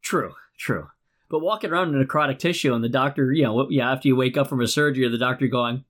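A man's voice: medium pitch, fast talker, a bit bright. A man co-hosting a podcast in casual chat, telling stories and laughing often. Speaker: podcast co-host.

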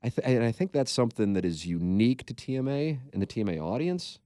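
A man's voice: medium pitch, big pitch swings, fast talker, dark tone, dry recording, clean studio sound. A man co-hosting a podcast, talking in a rambling, candid way and swearing freely. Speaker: podcast co-host. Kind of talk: casual podcast chat.

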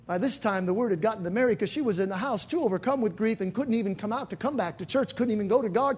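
A male pastor preaching in a church with a strikingly high, husky voice. He builds to shouted peaks, then sinks into hushed, dramatic lines. The delivery is fervent sermon style throughout. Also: moderate pace, pauses often. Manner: dramatic preaching, swinging from shouts to near whispers. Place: church sanctuary.

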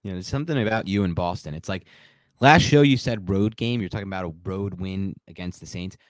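A man co-hosting a sports podcast, chatty and opinionated, talking with animated asides about football film. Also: low-pitched, fairly quick, no room sound. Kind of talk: casual sports podcast chat.

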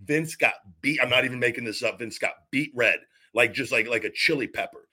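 A man in his forties tells a story on a podcast, with a bright, forward tone. He rambles and circles back, restarting sentences and repeating words as he goes. His pitch sits in a middling range. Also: a little fast, slightly rough. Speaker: podcast host, former wrestler. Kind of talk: casual storytelling chat.

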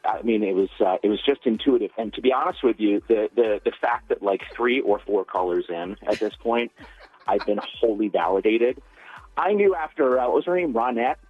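A man calling into a morning radio show, talking quietly in a sleepy, hushed voice. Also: fairly low pitch, a little fast, slightly rough, no room sound, phone-quality sound, soft background music. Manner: quiet, sleepy, soft-spoken. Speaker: caller, co-host's husband. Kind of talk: casual radio call.

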